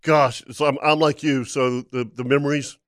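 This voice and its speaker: A man's voice: medium pitch, normal speed, no room sound, studio quality. A man, a charter fishing captain, telling a story in casual talk-show chat. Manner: animated storyteller who laughs as he talks.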